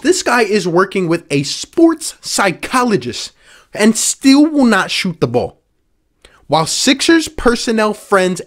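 A man from the Philadelphia area hosting a sports show, ranting with sarcastic exasperation and repeating points for emphasis. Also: high-pitched. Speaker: sports podcast host. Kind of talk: angry sports rant.

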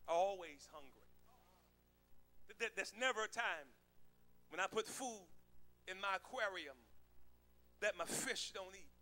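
A man pastor preaching a sermon, joking with the congregation and building to shouted calls. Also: high voice. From United States. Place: church sanctuary with congregation.

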